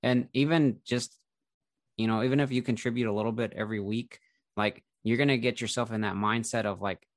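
A man who runs an investing YouTube channel talks in an easygoing, chatty way full of filler words during a casual conversation between creators. His mid-range voice is brisk with a steady tone, recorded at studio quality with no echo.

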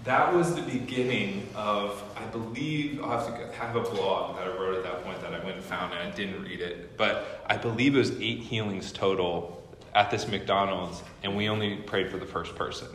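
Echoey, low-voiced man telling a sermon story. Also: normal speed, a little hiss or hum. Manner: animated storyteller acting out quotes. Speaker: guest lecturer. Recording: echoey hall with long reverb.

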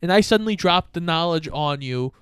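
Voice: medium pitch, lively intonation, brisk, clear, resonant tone, dry recording. A podcast co-host chatting casually about a movie, adding dry, joking remarks. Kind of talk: casual movie recap chat.

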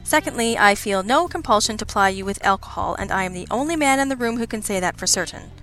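A wry, cynical male detective partner, as a woman reader puts him on, speaking in a dry, sardonic way. He needles his partner with deadpan remarks. Soft music plays faintly behind the storybook reading. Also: mid-range voice, quick pace, pitched above the performer's own voice, lightly acted.

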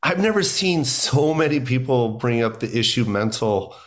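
A man who is a guest comedian, speaking in a casual podcast conversation, animated and emphatic, with his voice jumping up when he makes a point and many "you know"s. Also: medium pitch, normal speed.

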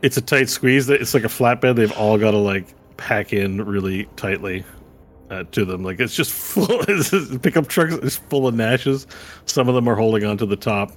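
A man's voice: fairly low pitch, expressive, moderate pace. A man running a tabletop game as game master, narrating loosely with fillers. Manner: rambling with fillers and laughs.

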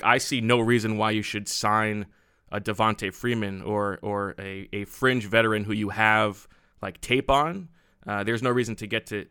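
A man's voice: on the low side, bright, forceful tone, clean tone, no echo, clean studio sound. A man co-hosting a sports podcast, chatting casually with joking asides.

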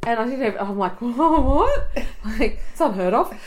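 A woman's voice: a little high, fast, slight background noise, rough recording. A woman co-hosting a podcast, telling stories in casual chat and laughing often. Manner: chatty storyteller, laughs often. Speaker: podcast co-host.

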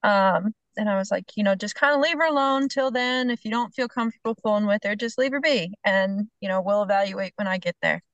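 A middle-aged woman, a horse trainer on a podcast, telling a story in a lively way and acting out what people said. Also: mid-range voice, a little fast, few pauses, no room sound, lo-fi sound. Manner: animated storyteller, acts out the other people's lines, laughs between phrases. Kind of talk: casual storytelling chat.

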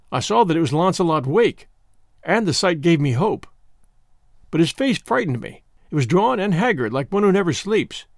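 A man narrating a first-person adventure story in measured storytelling, acting out the dialogue. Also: high-pitched, no echo, studio quality. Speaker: audiobook narrator.

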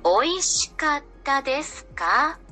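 A woman voicing a cheerful language-app speaker, bright and high with a lively, bouncing pitch. She reads each sentence slowly and with clear enunciation. A faint music bed sits under the playback. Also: exaggerated voice. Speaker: app voice reading practice sentences.

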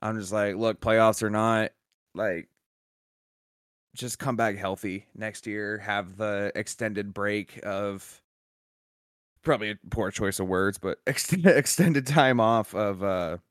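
Smooth-voiced man co-hosting a podcast. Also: fairly low pitch, takes it slowly, no room sound, clean studio sound. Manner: joking, blunt, swears casually. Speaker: podcast co-host. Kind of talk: casual sports podcast chat.

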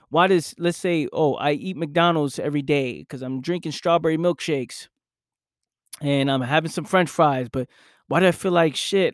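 A man's voice: on the high side, no room sound, clean studio sound. A young man speaking in an intense motivational monologue, acting out his own past inner voice.

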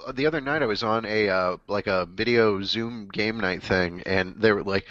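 Man from canada, podcast co-host, wry and profane, lowish voice, dull dry sound. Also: normal speed, few pauses, a bit bright, no room sound. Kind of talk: casual chat.

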